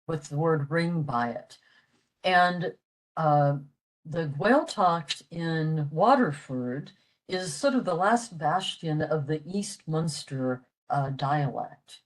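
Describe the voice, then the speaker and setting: Older woman presenting a library lecture; slow, deep, halting delivery full of "uh"s. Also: poor audio. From western Pennsylvania, USA. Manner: halting, with frequent "uh" fillers. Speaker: presenter of a library language talk. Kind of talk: explaining a lecture.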